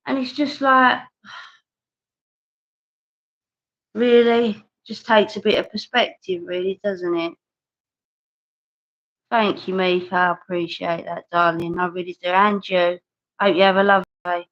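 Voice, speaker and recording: A woman's voice: lowish voice, steady tone, slow, pauses often, a bit bright. A woman hosting a livestream, ranting bluntly and chatting to viewers, sometimes dropping into mutters. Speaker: livestream host. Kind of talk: ranting live stream. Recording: dull lo-fi sound.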